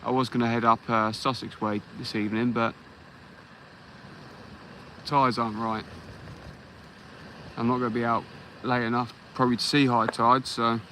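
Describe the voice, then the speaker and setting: A man's voice: mid-range voice, little pitch movement, normal speed, pauses often, sharp tone, slight background noise, poor audio. An English man hosting a fishing livestream from the beach, chatting easily and greeting viewers by name. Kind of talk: casual live chat while fishing. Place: beach outdoors at night.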